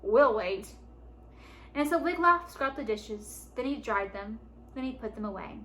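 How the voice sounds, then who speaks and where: A woman reading a children's chapter book aloud for a library book club. Her reading is lively and expressive. Her voice is bright and somewhat high. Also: normal speed, a little hiss or hum. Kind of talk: storybook read-aloud.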